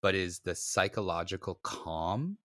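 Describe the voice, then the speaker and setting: A man with a fairly low voice tells a story in a casual chat and acts out the people in it. He pokes fun at himself. His voice is close and dry, with no room sound. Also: unhurried, no echo. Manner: animated, acts out voices in anecdotes, self-mocking. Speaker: podcast co-host.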